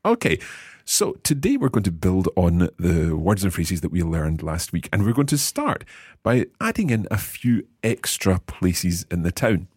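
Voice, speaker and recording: A man hosting a language lesson, patiently explaining Italian words and slowing down to repeat phrases. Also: low voice, sing-song, a little mellow, husky, no room sound, studio quality. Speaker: language course host.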